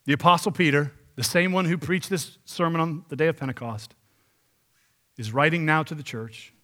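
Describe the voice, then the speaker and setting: A man preaching a sermon, reading scripture and paraphrasing it in an emphatic, animated way. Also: on the high side, normal speed.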